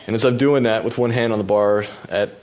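A man, a professional cyclist, telling a personal race anecdote in a relaxed, self-deprecating way with fillers. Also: on the low side, a little fast.

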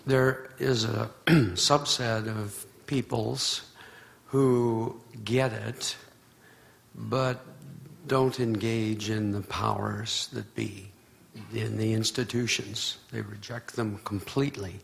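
Slow, gravelly man asking a question. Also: fairly low pitch, steady tone. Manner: hesitant, halting. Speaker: audience questioner.

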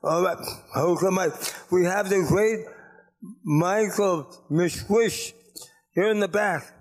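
A man's voice: sits high, slow pace. A man giving a casual public talk as guest speaker, friendly and joking with the audience.

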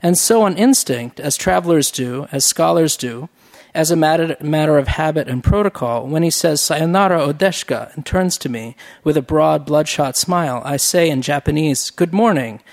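A man narrating a first-person novel in a measured, wry, reflective reading. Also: fairly high pitch, vocal fry. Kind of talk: audiobook narration.

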